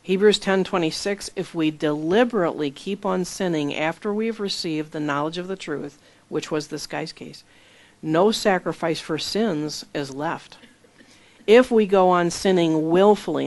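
An earnest Bible teacher preaches in a conversational way. The voice reads scripture aloud, then explains it plainly and tells personal stories between the verses. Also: medium pitch. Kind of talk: conversational sermon.

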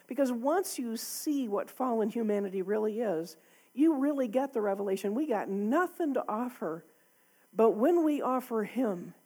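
Husky-voiced woman preaching a sermon. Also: fairly high pitch, a little mellow. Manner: candid, conversational, often laughing.

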